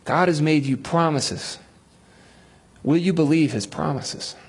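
A man's voice: fairly high pitch, measured pace, breathy edge. A male pastor preaching a sermon, telling a Bible story with humor and acting out the voices of its figures.

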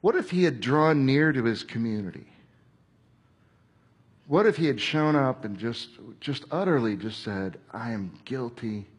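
A man's voice: mid-range voice, expressive, a little slow, husky. A man preaching a sermon in a conversational way, acting out quoted voices and at times dropping to a whisper. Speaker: pastor.

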